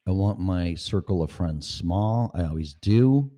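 A man hosting a podcast, rambling loosely and swearing through a casual sound check. His voice sits on the low side, and he keeps pausing to clear his throat. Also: expressive, dark tone. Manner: rambling and profane. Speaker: podcast host.

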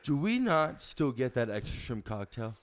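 A man's voice: mid-range voice, very animated, normal speed, voice pushed down, natural voice. A man voicing an entitled, demanding woman customer at a restaurant, who interrupts and threatens. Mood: indignant. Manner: interrupting, repeating "no" and "stop it", threatening.

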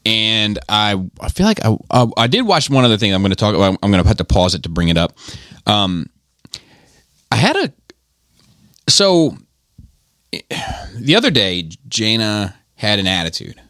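Casual podcast man, middle-aged, low, animated delivery, rambling and profane, dry sound. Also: normal speed, pauses often, no room sound. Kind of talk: casual chat.

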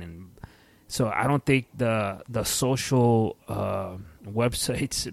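A man's voice: lowish voice, slow pace, gravelly, darkish tone, dry recording. A man in casual podcast chat, joking and swearing loosely with many fillers.

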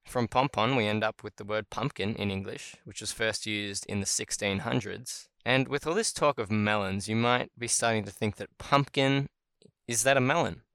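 A man's voice: on the low side, normal speed, vocal fry, fairly bright tone, clean tone, no room sound. A man hosting a solo podcast about word origins, chatting casually and thinking aloud as he goes. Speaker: podcast host.

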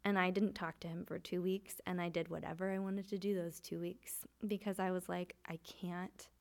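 A woman's voice: lowish voice, flat delivery, brisk, vocal fry, darkish tone. A woman sharing a personal testimony in candid, earnest conversation, full of restarts and fillers.

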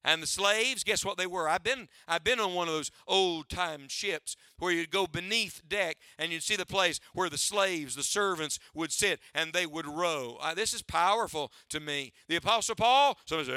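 A pastor preaches a sermon to his church in a high-pitched, sharp, clean voice at normal speed, barely pausing. He uses a preacher's cadence and rhetorical questions, often telling listeners to write down his points. The studio recording is clean, with no echo.

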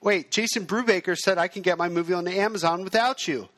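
A man's voice: high-pitched, quick pace, fairly bright tone, dry recording. A man voicing a skeptical young male filmmaker who protests with rising questions. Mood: questioning.

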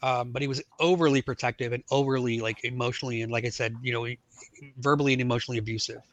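Man, podcast guest, bright forceful voice, dry close sound, rambling casual storytelling. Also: mid-range voice, fairly even intonation, racing, dry recording. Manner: rambling, full of "like" and "you know". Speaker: podcast guest, Army veteran.

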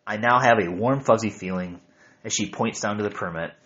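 A man's voice: on the low side, fairly quick, fairly bright tone, lo-fi sound. A man narrating his hiking journal aloud with wry, self-mocking humor.

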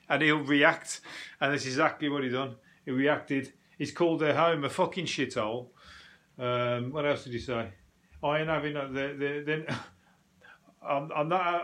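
A man's voice: on the high side, a bit bright. A man hosting a podcast, telling rambling, sweary stories in a casual chat with frequent chuckles. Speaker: podcast host.

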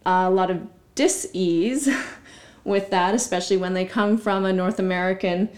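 A woman chatting casually as a podcast guest, reflective and quick to laugh. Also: medium pitch, a little mellow. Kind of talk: casual chat.

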